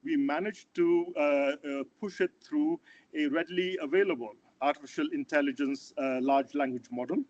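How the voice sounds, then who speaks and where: A man giving an online startup pitch, earnest and hesitant, with frequent fillers and restarts. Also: normal speed, darkish tone. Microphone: video call. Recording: dull, dry video call audio.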